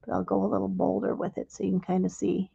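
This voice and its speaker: A woman hosting a live crafting demonstration and explaining each step gently and without hurry. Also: mid-range voice, completely flat delivery, fast, vocal fry, slightly rough, lo-fi sound. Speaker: craft instructor.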